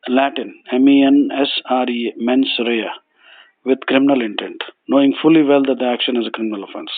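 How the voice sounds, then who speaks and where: Male vocabulary tutor, mid pitch, deliberate letter-by-letter spelling, thin lo-fi dry sound. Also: no room sound. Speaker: vocabulary teacher. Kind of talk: spelling and defining foreign phrases. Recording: tinny phone-like audio, dry.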